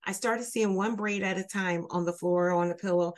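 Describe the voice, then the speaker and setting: A woman's voice: medium pitch, fairly even intonation, brisk. A woman guest telling a personal story in an earnest, candid way, with fillers and restarts. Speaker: guest sharing her story.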